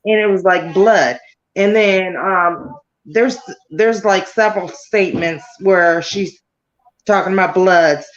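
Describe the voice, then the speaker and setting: A woman's voice: fairly low pitch, slow pace, highs cut off. A grieving mother speaking in a remote interview, telling her story in a rambling way that keeps circling back to details. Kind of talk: remote interview over a call.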